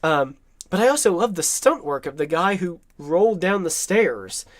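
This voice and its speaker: An enthusiastic film commentator chats over movie clips, with a voice that swoops up and down in pitch. The delivery is loose and talkative, broken up by frequent laughter. The recording is close and dry, with no room sound. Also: sing-song, normal speed, no room sound. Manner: enthusiastic, chatty, laughs often.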